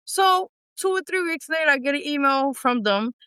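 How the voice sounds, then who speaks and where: A middle-aged woman, an independent singer telling stories in an animated way as an interview guest, acting out her own past reactions. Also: high-pitched, moderate pace, dry recording. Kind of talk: casual interview storytelling.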